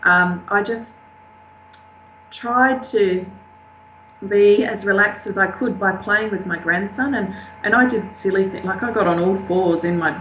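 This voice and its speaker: A woman's voice: on the low side, fairly bright tone. A woman, an interview guest, candidly and earnestly recounting a painful family event. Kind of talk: personal storytelling. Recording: roomy, echoey with faint hum.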